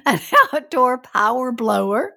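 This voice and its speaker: A woman co-hosting a podcast, chatting in a supportive, gently teasing way. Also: on the high side, a little slow, vocal fry. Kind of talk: casual conversational podcast chat.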